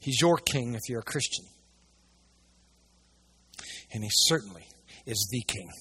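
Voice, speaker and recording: A man preaching a sermon to a church audience, swinging between hushed asides and loud, emphatic passages. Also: medium pitch, expressive, a little slow, husky. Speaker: pastor.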